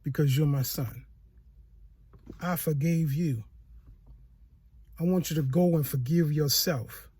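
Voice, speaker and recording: A man voicing God as a calm, forgiving father who speaks slowly, softly and solemnly. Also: on the high side, breathy edge, voice pushed down. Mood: tender. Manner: slow, soft and solemn.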